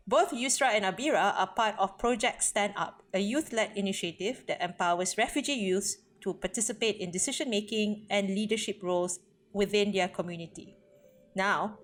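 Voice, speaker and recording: A woman hosts a podcast and talks casually about the story just played. She sounds chatty and enthusiastic, with a relaxed conversational flow. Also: medium pitch, a little hiss or hum. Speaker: podcast host. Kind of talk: casual chat.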